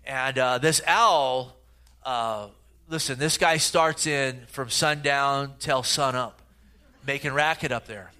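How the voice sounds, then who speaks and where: A man's voice: medium pitch, takes it slowly, pushed and bright, clean tone. A middle-aged man giving a sermon as a pastor, in a conversational, storytelling way with frequent fillers.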